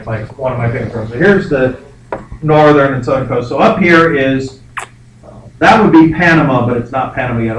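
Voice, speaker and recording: A man's voice: mid-range voice, fairly bright tone, distant mic. A male history teacher giving a rambling, joking classroom lecture full of fillers. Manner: rambling, jokey, many fillers. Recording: echoey classroom, faint background noise.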